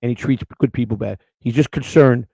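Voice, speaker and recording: Middle-aged guy rambling fast, gravelly voice, dry close sound. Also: medium pitch, dark tone, dry recording. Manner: rambling, storytelling, crude and emotional. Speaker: livestream host. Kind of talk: casual chat with the live chat.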